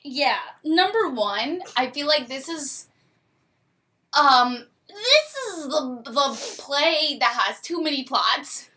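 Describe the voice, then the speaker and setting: A woman's voice: high-pitched, expressive, takes it slowly, sharp tone. A young woman co-hosting a casual talk show, chatty and opinionated, with lots of filler words. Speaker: podcast co-host. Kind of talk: casual discussion.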